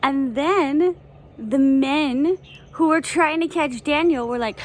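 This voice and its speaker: A woman teaching Sunday school, telling a Bible story to children in an animated, playful way. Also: sits high, slow, a little hiss or hum.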